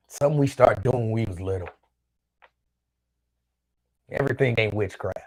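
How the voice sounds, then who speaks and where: A man's voice: mid-range voice, gravelly, slightly rough. A man hosting his own show, chatting casually on his own and reading out viewer comments in a loose, rambling way that repeats itself. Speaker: show host.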